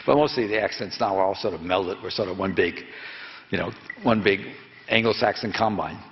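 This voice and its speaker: A man's voice: on the low side, a little fast. A man in his seventies, a journalist, telling a long anecdote in a digressive way, with many restarts and self-corrections. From United States. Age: 70s. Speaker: investigative journalist telling a story. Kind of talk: rambling anecdotal storytelling to an audience. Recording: dull lo-fi recording in a reverberant hall.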